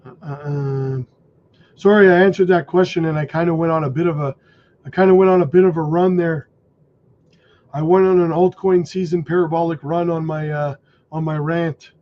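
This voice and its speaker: A man hosting a crypto livestream, hoarse from losing his voice, talking emphatically and asking "okay?" and "right?" as he warns viewers. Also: on the high side, steady tone, normal speed, dull audio. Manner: emphatic, warning, says "okay?" and "right?" often. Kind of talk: casual livestream commentary.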